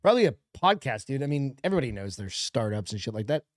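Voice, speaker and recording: Man, 40s, podcast co-host, blunt, swears a lot, mid pitch, dry close sound. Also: quick pace, dry recording. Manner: blunt, profane, animated. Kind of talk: casual chat.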